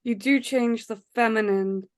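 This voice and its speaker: Woman, language student, slow halting speech, slightly high voice. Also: fairly even intonation. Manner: hesitant, searching for words.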